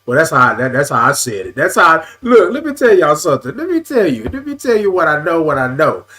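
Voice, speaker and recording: A male host on a casual morning live stream calls viewers by name in long, sung greetings, saying "y'all" often, repeating phrases, and adjusting his camera mid-talk. His voice sits on the high side with big pitch swings and a bright, forceful tone.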